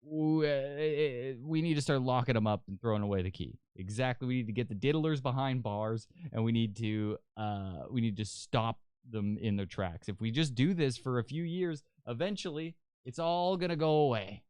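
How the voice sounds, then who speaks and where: A male podcast host from Canada rants through political commentary, crude and sarcastic, stumbling over his own restarts. His voice is smooth and resonant at a middle pitch. He sits close to a dry, dead-sounding mic. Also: moderate pace, few pauses, darkish tone, dry recording.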